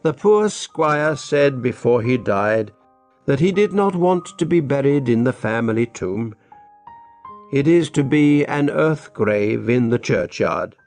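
A village priest in a storybook, earnest and slightly raised in pitch when troubled, as a man narrator voices him. He speaks in a measured, concerned way with a lively rise and fall. Soft music plays underneath. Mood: firm. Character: older male village priest, earnest and brisk.

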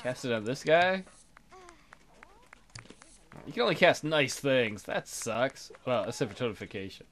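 A man's voice: medium pitch, big pitch swings, measured pace, a bit bright. A man hosting a let's play, chatting casually and joking crudely about his game characters.

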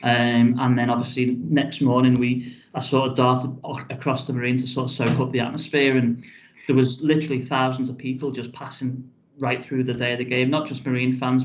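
Flat-voiced man telling a story, lo-fi. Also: medium pitch, fairly quick. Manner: rambling, restarts phrases, frequent "um" and "you know". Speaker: football club chief executive. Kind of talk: casual storytelling in a podcast interview. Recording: dull lo-fi audio.

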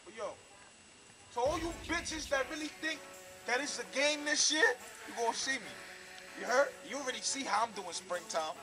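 Brash high-voiced man trash-talking. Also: normal speed, low-quality recording. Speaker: featured guest boasting on camera. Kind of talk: profane street boasting to camera. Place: outdoors in front of his building. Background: music.

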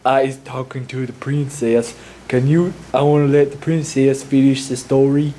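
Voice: medium pitch, little pitch movement, moderate pace, mellow, lightly acted. A performer voicing a blunt, rude male villager who talks with broken grammar, in a comedy skit. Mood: hesitant.

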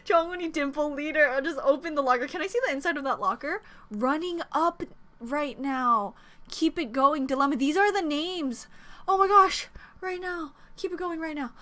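A young woman hosting a reaction video, gushing and gasping with excited fan commentary. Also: high voice. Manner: gushing, squealing, gasping, rapid exclamations.

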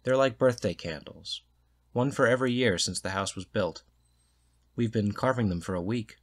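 Male reader playing a calm, friendly hostess, low and unhurried. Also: natural voice. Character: calm smoking woman host on porch.

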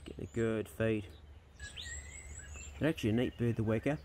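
Outdoors on his farm by native bush, a farm vlogger with a New Zealand accent and a lowish voice films wildlife handheld, speaking at a moderate pace. His commentary is casual, slangy, and laid-back. Slight background noise carries faint birdsong and outdoor ambience.

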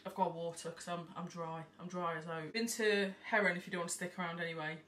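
A woman's voice: lowish voice, steady tone, quick pace, a bit bright. A woman, rambling and swearing freely in a casual haul vlog recorded at home. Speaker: vlogger. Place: at home by an open window. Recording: distant mic, faint background noise.

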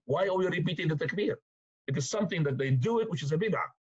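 Animated male teacher, husky and muffled. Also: quick pace. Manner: animated, rising in pitch for emphasis, many restarts. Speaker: Islamic teacher. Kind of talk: religious lecture. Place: mosque lecture room. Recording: muffled lo-fi recording.

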